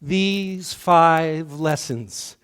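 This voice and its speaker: A man delivering a sermon as minister, slow and measured, his voice often dropping to a hush at the ends of lines. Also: fairly high pitch, smooth, big-room sound. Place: church sanctuary.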